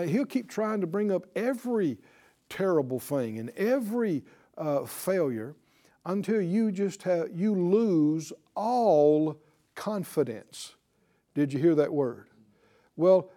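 A man preaching a sermon with passion, swinging from loud exclamations to hushed prayer and leading the listeners in a spoken prayer. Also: on the high side. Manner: leads congregation in spoken prayer.

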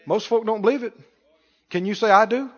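A man preaching a sermon in call-and-response style, building to shouted emphasis. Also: high-pitched, brisk, long reverb tail, dull audio. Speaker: pastor.

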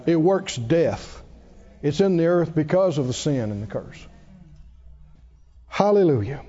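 A male pastor delivers an emphatic sermon, his voice pitched high but dark and mellow in tone. He leans hard into key phrases. The recording sounds dull and lo-fi. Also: lively intonation, a little slow.

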